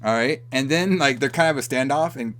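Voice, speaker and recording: A man in the middle of a loose podcast chat, retelling a movie plot with lots of energy. He jumps in and out of the characters' lines, swearing and laughing as he goes. His voice sits at an ordinary pitch. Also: a little fast, a bit bright. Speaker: podcast co-host. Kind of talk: casual movie recap chat.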